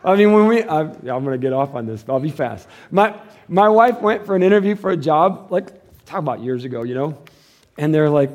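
Middle-aged pastor guy preaching, fairly high voice, chatty and joking, does little voices for people he quotes. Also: expressive, a little fast, a little mellow, highs cut off. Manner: conversational preaching, acts out quoted voices, chuckles often. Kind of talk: sermon.

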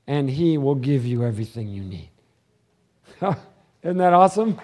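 A man preaching a sermon as pastor, swinging between hushed, intimate passages and loud, fervent ones. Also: medium pitch, very animated, normal speed, pauses often.

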